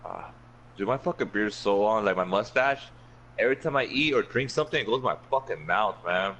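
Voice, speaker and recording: A man's voice: fairly low pitch, lively intonation, brisk, fairly bright tone, rough recording. A man hosting a podcast, swearing freely, telling stories in casual chat and acting out what his friends said. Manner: profane, laughing, acts out quoted friends. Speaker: podcast host.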